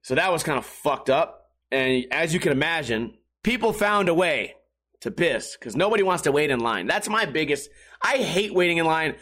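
A man's voice: fairly high pitch, animated, moderate pace, pushed and bright. A man telling a casual story in a rambling, profane way, often laughing as he talks.

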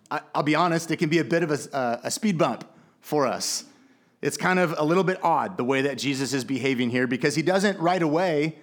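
A man preaching a sermon in a casual, conversational way, with many fillers and restarts. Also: fairly high pitch. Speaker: pastor.

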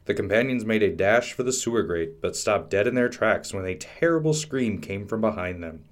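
A man hosting a podcast, reading a fantasy storybook aloud in a measured, dramatic way. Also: lowish voice, lively intonation. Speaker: podcast host and storybook narrator. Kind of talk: scripted storybook narration.

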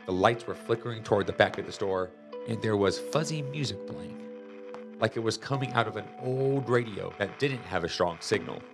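A man reading a children's chapter book aloud in a lively, expressive storytelling manner. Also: fairly low pitch, moderate pace. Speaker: storybook reader. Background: music.

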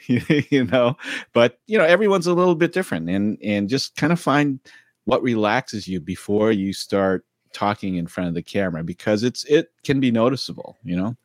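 Male podcast co-host, low voice, dry sound, easygoing and meandering. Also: expressive, moderate pace, dry recording. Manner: rambling, loose storytelling with many fillers. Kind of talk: casual podcast chat.

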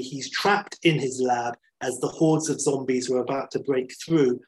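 A man's voice: medium pitch, poor audio. A man, a podcast host, telling a story in enthusiastic, chatty talk with many fillers. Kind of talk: casual storytelling chat.

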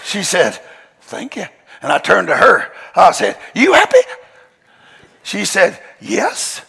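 Man, preacher, folksy sermon storytelling, gravelly, lively pitch, long hall echo. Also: measured pace. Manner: folksy, emphatic, drawling with slang. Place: large church hall.

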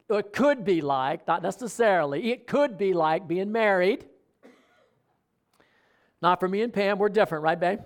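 High-voiced preaching man. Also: lively intonation, a little slow, fairly bright tone. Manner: conversational preaching with audience questions. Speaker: pastor. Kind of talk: sermon.

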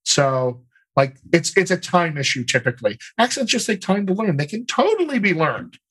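A man working as a dialect coach, answering interview questions in an explanatory, animated way and laughing easily. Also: sits high, moderate pace, slightly rough, low-quality recording.

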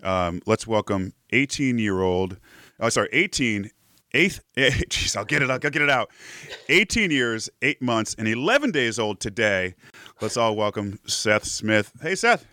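A low-pitched man hosts a live podcast in a casual, chatty way, filling pauses with "uh" and laughing often. His voice sits close and dry, with no room sound around it. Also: animated, sharp tone, no echo. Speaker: podcast host. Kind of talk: casual livestream chat.

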